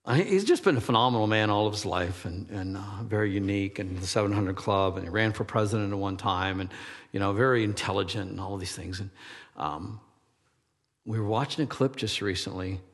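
A man's voice: lowish voice, fairly quick. A man in his sixties preaching a sermon, rambling and self-deprecating, often laughing at himself. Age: 60s. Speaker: pastor. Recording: long hall reverb.

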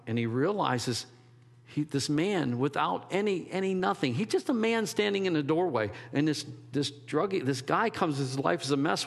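A man's voice: a little high, big-room sound. A man preaching a sermon as a pastor, in a conversational, rambling way with restarts and quoted asides.

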